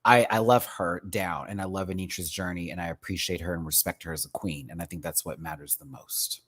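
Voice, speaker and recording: A man from Houston hosting a casual livestream review, talking in an animated, campy and profane way with lots of fillers. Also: deep voice, a little fast. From Houston, Texas. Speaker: livestream show host.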